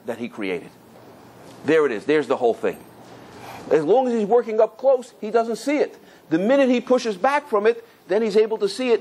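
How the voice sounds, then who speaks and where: A man, a rabbi telling a story in a lecture, animated and acting out the voices of people in it, with many restarts. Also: high-pitched.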